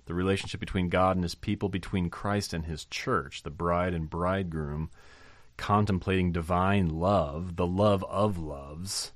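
A man's voice: low-pitched, fairly even intonation, unhurried, dry recording. A man giving an informal Bible lesson, thinking aloud with fillers and restarts and rising to emphasize key points. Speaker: Bible teacher.

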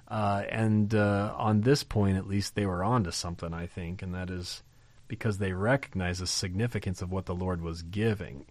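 A man's voice: low voice, steady tone, moderate pace, darkish tone, dry recording. Emphatic man preaching a sermon. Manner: conversational, emphatic, asks the listeners questions. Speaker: pastor.

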